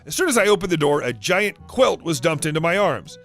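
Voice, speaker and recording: Lively man narrating stories. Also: fairly high pitch, a little fast, few pauses, no room sound. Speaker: story narrator. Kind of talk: reading reddit stories aloud. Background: faint music.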